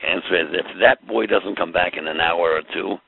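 A man's voice: low-pitched, brisk, creaky, breathy edge, no room sound. A man teaching a Torah class, explaining with rhetorical questions and mixing in Hebrew terms. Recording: tinny phone-like line.

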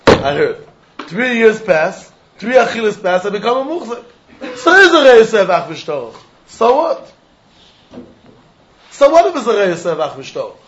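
High-voiced man teaching Talmud, lo-fi. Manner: animated, asks and answers his own questions, laughs often; mixes English with Yiddish and Hebrew terms. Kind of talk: lively Talmud class lecture. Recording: dull lo-fi recording.

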